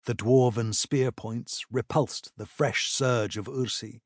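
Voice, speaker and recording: A man narrating a fantasy battle audiobook in a measured, even storytelling manner. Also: mid-range voice, dry recording, studio quality.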